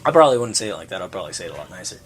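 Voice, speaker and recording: A young man co-hosting a casual, crude chat show, animated and laughing, jumping between topics. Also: low voice, very fast, slight background noise. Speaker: podcast co-host.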